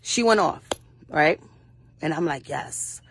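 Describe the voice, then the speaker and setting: A young actress recounts personal stories as an interview guest, her medium-pitched, fairly bright voice moving at a moderate pace. Her manner is blunt and fiery, full of cursing, and she acts out what her mother and others said.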